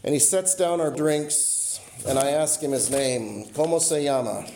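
A man preaching a sermon as a pastor, telling a personal story and slowing and softening his voice on key lines. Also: medium pitch, animated, vocal fry, slight background noise. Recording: roomy echo.

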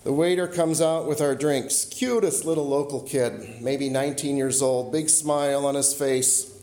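A male pastor delivers a storytelling sermon in an ordinary mid-range voice. He slows and drops his voice to land each key line. The sound carries a roomy echo. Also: medium pitch, steady tone, warm tone.

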